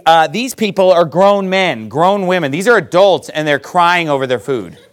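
Animated preaching man with a high voice. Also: clean tone. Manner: preaching with animated high outbursts and scripture reading; mocking impressions of whiners. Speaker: pastor. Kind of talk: sermon.

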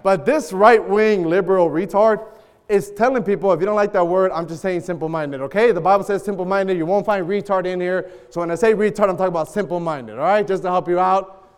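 A man preaching a sermon, bantering loudly with the congregation in call and response. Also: high voice, brisk, smooth. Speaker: pastor. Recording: long hall reverb.

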